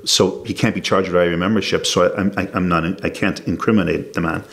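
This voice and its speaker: Low gravelly older man, emphatic. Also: fairly even intonation, fast, a bit bright. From United States. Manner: repeats and restarts words, emphatic when denying. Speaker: interview guest. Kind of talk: casual interview talk.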